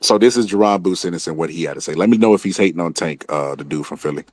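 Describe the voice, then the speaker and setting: A man with a low voice gives streetwise boxing commentary in a dry, close recording. He talks animatedly in casual slang and keeps repeating his phrases. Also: fast, darkish tone, no echo, faint music behind.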